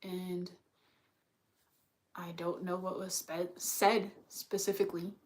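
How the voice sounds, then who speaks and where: A woman's voice: on the low side, level tone, slow pace. A young woman telling a personal story in a casual, rambling way, full of "like" and the odd swear word, with sighs between thoughts.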